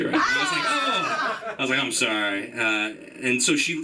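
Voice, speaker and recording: A young man from Iran doing a rambling stand-up set at an open mic, jumping into high, excited voices when he quotes people. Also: moderate pace, hardly any pauses, heavy background noise. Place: comedy club stage. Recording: distant mic in a club room with audience. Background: audience laughing.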